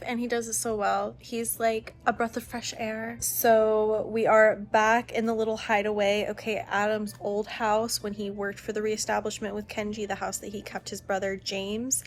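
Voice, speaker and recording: A woman's voice: a little high, level tone, moderate pace, hardly any pauses, slight background noise. A young woman chatting casually as she recaps a book series, gushing and swearing freely. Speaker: book vlogger.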